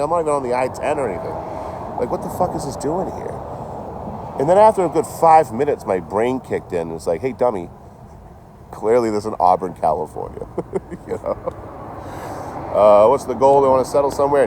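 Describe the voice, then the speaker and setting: Profane, rambling man streaming outdoors. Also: fairly low pitch. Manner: rambling, profane, laughs at his own jokes. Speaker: traveling livestreamer. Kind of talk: casual livestream chat. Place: outdoors by a rail yard office. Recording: outdoor street noise. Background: traffic and street noise.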